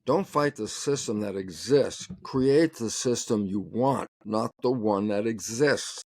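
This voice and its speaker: In this dry recording with no room sound, a man's fairly low, slightly mellow voice moves at a slow pace. He's a biologist guest on an interview, animated and conversational, speaking with emphasis, frequently breaking into laughter mid-sentence and voicing both parties in the dialogues he recounts.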